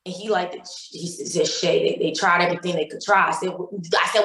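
A woman's voice: on the low side, fairly even intonation, a little fast, a bit bright, reverberant, rough recording. A woman from Cleveland, Ohio, telling a painful personal story as a podcast guest, repeating words and acting out quoted dialogue.

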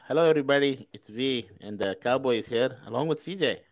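A man hosting a live podcast, excitable and laughing as he reads things out. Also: mid-range voice, fast talker, dry recording. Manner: excitable, laughing, reads aloud with put-on emphasis. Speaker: podcast host. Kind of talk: casual live chat.

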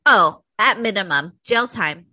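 A young adult woman co-hosting a podcast in casual chat, animated and swearing freely, on a close mic. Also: medium pitch, unhurried, no echo. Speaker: podcast co-host.

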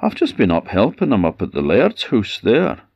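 A man's voice: on the low side, huge pitch swings, normal speed, vocal fry, a little mellow, husky, dull audio, pitched above the performer's own voice, heavily acted. A Scottish man voicing a wary young working man in a spoken folk tale, with a raised, questioning voice. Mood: curious.

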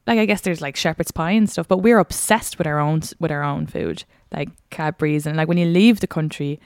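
Irish female co-host, chatty, giggly, smooth voice, dry close sound. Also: sits low, fairly quick, no room sound. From Ireland. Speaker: podcast co-host. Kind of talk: casual chat.

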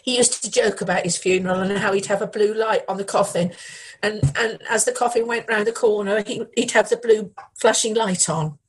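Sad middle aged woman in an interview, husky voice, keeps stopping and repeating words. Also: mid-range voice, fairly even intonation, rough recording. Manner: halting, grieving, repeats phrases. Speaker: interviewee, bereaved widow. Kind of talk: emotional news interview.

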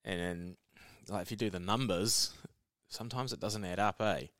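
A man's voice: fairly low pitch, moderate pace, a bit bright, no room sound. A man, talking in a laid-back, sweary way in a casual podcast chat and tagging "eh" onto his remarks. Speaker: podcast co-host.

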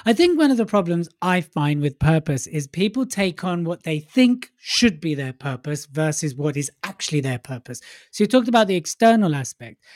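A man's voice: fairly high pitch, very animated, moderate pace, few pauses, no room sound, clean studio sound. A man co-hosting a casual podcast, chatty and jokey, poking fun at himself. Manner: jokey, chatty, self-mocking. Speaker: podcast co-host.

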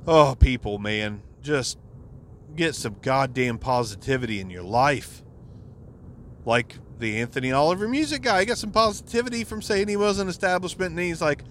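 A man's voice: medium pitch, expressive, moderate pace, a bit bright, a little hiss or hum. Man on a swearing rant. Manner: profane, exasperated rant with frequent swearing. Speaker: podcast host. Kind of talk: casual ranting monologue.

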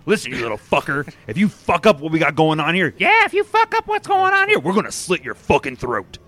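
Guy doing two little goblin crooks in a people suit, swearing and bickering, voice jumps way up high. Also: huge pitch swings, a little fast, bright, forceful tone, no echo, exaggerated voice. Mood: menacing. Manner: snarling, threatening, squabbling. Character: two small foul-mouthed goblins in a human suit.

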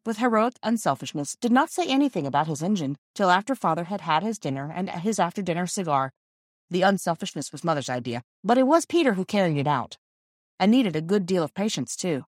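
Reading from a script, this female audiobook narrator tells a classic children's story in a measured, expressive manner. She has a fairly low pitch, and the studio-quality sound carries no room ambience.

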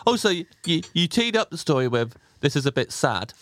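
A man co-hosting a comedy food podcast, playful and quick to laugh. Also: on the high side, very animated, background noise. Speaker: podcast co-host. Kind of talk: casual chat.

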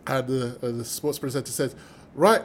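A British man, a mathematician guest, telling stories with lively energy, acting out the voices of people he quotes and laughing as he goes. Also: on the high side, brisk, a little hiss or hum. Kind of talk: animated storytelling in conversation.

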